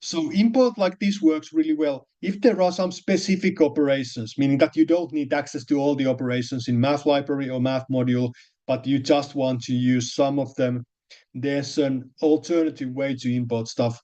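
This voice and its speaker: A man's voice: medium pitch, fairly even intonation, normal speed, mellow. A man teaching a programming lesson, explaining step by step with many fillers and restarts. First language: Finnish. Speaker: programming lecturer. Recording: dull lo-fi lecture recording.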